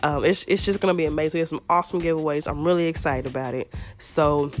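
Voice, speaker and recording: A young woman hosting a podcast in a casual, chatty way, her voice hoarse and a little raspy from a scratchy throat. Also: low-pitched, quick pace, over music. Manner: chatty and playful, talks straight to listeners. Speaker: podcast host. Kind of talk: casual chat.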